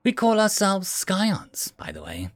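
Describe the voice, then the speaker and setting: A man voicing a mocking, shapeshifting female machine envoy who talks slowly and teasingly. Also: high-pitched, wildly swooping pitch, dry recording, studio quality, faint music behind, voice pushed up, full character voice. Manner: smug, teasing, slow and deliberate.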